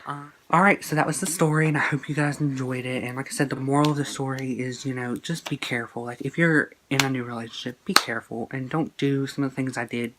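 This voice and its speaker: A man's voice: medium pitch, fairly even intonation, fast, hardly any pauses, crowd noise, poor audio. Earnest young man telling a story. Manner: earnest, emotional, rambling with fillers and quoted texts. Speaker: vlogger telling a personal story. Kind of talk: casual storytime monologue. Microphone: phone camera.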